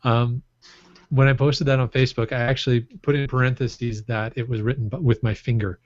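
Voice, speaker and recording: A man's voice: mid-range voice, flat delivery, a little fast, no room sound. A man co-hosting a podcast in casual chat, rambling through his stories and laughing often. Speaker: podcast co-host. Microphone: microphone on a stand. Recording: muffled, dry podcast audio.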